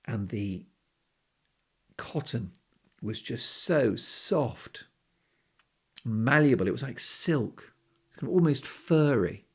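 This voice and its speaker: A man's voice: medium pitch, lively intonation, takes it slowly, creaky, long pauses, breathy edge. A man hosting his own podcast, telling a rambling everyday story with wry asides in a casual solo monologue. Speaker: podcast host.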